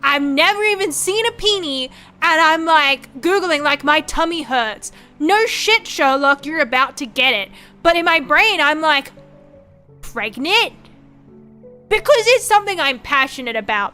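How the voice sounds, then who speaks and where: A young woman streaming a casual chat, her voice high and bright. She rambles in a frank, profane, animated way, and faint music plays behind her. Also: moderate pace. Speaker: VTuber streamer.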